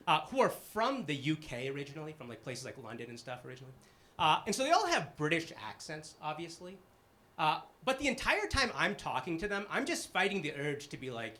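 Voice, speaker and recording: A young man from the Boston area doing a stand-up set on a live stage, with a halting, filler-heavy delivery and dry, self-deprecating punchlines. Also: fairly high pitch, sharp tone. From Boston area, Massachusetts. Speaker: stand-up comedian. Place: live comedy stage with an audience.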